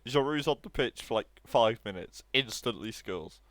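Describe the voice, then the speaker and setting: A young man commentating on his own football video game match, laughing often and excitable. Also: medium pitch, normal speed, no echo. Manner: giggly, excitable, laughs between lines. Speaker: gaming streamer.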